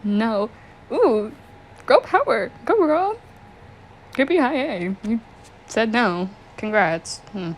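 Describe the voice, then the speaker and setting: A woman's voice: mid-range voice, expressive, slow, slight background noise, rough recording. A young woman reading fan fiction aloud, often breaking off to giggle, react and joke. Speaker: story reader.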